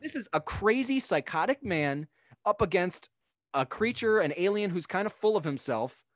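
A young man on a podcast, casually talking through a film in a rambling, animated way. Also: sits high, normal speed, no room sound, studio quality. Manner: rambling, animated, acts out characters' lines. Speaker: podcast guest.

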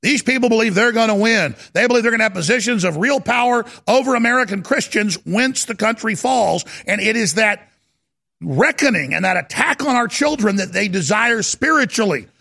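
Fiery gravelly-voiced male talk host. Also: high-pitched, animated, brisk. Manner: impassioned, preacher-like, bursts into shouting. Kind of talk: fervent talk radio monologue.

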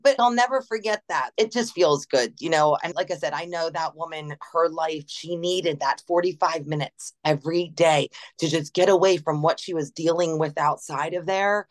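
A woman's voice: low-pitched, normal speed, few pauses. A woman, a gym's general manager, telling stories in an interview and acting out quotes as she goes. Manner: animated, laughing, acts out quotes. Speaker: gym general manager, guest. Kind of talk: casual interview storytelling.

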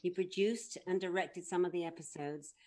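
A woman's voice: fairly low pitch, steady tone, normal speed, warm tone. A woman, a voice artist, chatting modestly but animatedly on a video call. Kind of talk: casual chat.

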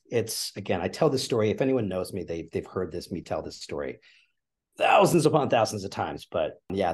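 A man with a deep, slightly husky voice speaks as a podcast guest. He talks with earnest, emotional energy, his voice catching as he is choked up. His words tumble out with restarts as he tells a personal story. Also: darkish tone. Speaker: podcast guest, theater producer. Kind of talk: conversational interview.

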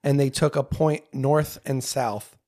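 Halting young man explaining on a podcast. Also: mid-range voice, fairly even intonation, darkish tone. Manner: explains haltingly, many fillers and restarts. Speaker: podcast co-host. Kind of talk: casual chat.

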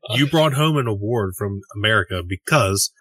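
A man chats on a podcast, ribbing a friend and pressing his point. His voice is bright and animated, with a dry, close sound. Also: fairly low pitch, normal speed, slightly rough, no echo. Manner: teasing, insistent. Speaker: podcast co-host. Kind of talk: casual chat.

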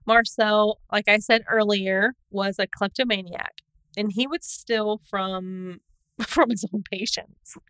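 A woman co-hosting a casual podcast, telling the story in an animated way, laughing often and trailing off mid-sentence. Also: mid-range voice, takes it slowly, clear, resonant tone, no room sound, poor audio. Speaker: podcast co-host. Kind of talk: casual true crime podcast chat.

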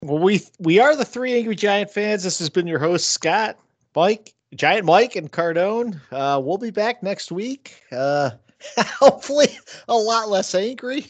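A man's voice: sits high, unhurried, no room sound. A man hosting a casual sports podcast, joking with his co-hosts. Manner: joking, animated sign-off. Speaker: podcast host.

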